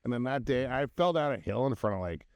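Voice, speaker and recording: A man's voice: medium pitch, fast, no echo. A man in his thirties co-hosting a podcast, telling profane stories in casual chat and slipping into voices for the people in them. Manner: profane, animated storyteller doing voices. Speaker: podcast co-host.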